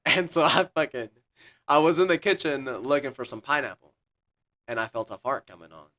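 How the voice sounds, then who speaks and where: A man's voice: mid-range voice, lively intonation, normal speed, bright, forceful tone. A young man co-hosting a podcast, chatting casually and telling a long rambling story full of swearing. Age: young adult. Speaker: podcast co-host. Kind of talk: casual chat.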